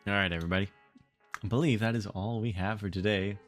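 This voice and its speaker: A man reading a storybook aloud on a stream and chatting casually, animated and playful. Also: on the low side, fast talker, soft background music. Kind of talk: read-aloud narration and casual stream chat.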